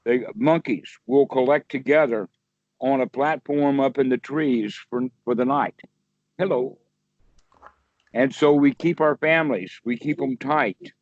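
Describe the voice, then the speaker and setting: A man who teaches meditation talks casually with one person over video, his explanation wandering and folksy. The voice is medium in pitch and a little slow with no room sound, and the call audio comes through dry, dull and lo-fi.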